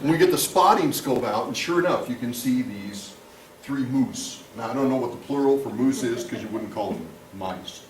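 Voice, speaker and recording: A man's voice: mid-range voice, moderate pace. A man teaching a church Bible class, mixing scripture reading with funny personal stories. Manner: animated, humorous storyteller. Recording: echoey room, distant mic, background noise.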